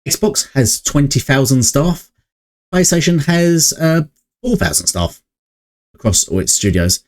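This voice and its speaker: A man's voice: fairly high pitch, very animated, unhurried. A man running a casual gaming opinion vlog, rambling and hesitant with lots of fillers, recorded on a budget mic at home. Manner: rambling and hesitant, many fillers, chuckles between points. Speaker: gaming channel vlogger.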